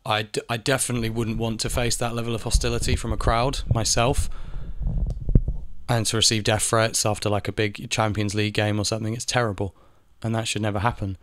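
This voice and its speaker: A man's voice: on the low side, level tone, a little fast, a bit bright. A man talking in a casual monologue, ranting, repeating phrases and swearing now and then. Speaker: video essayist. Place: home in Spain.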